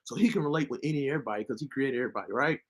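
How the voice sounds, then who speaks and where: A man giving informal devotional preaching from scripture, firing off rhetorical questions with bursts of shouting. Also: medium pitch, very fast. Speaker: online Bible teacher.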